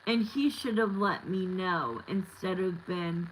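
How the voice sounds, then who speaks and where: A woman's voice: lowish voice, takes it slowly, few pauses, slight background noise, poor audio. A woman in her thirties giving a live tarot reading, talking candidly and bluntly with lots of fillers. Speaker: tarot reader.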